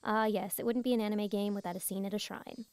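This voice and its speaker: A young woman streaming a visual novel, reading narration aloud softly and chatting with giggles in between. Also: mid-range voice, fairly even intonation, fast talker, clean tone, dry recording. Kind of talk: reading a game aloud with casual commentary. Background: game music.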